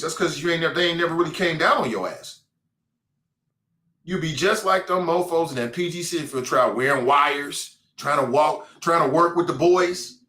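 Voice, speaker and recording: A man's voice: fairly high pitch, normal speed, sharp tone, echoey room. A man hosting a talk show with a Cincinnati accent, delivering a blunt, mocking, streetwise opinion monologue.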